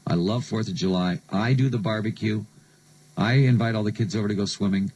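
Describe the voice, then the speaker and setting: A man's voice: fairly low pitch, brisk, a little mellow, husky, rough recording. A man from the United States hosting a late-night radio show, telling stories and joking sardonically between songs. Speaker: radio DJ host.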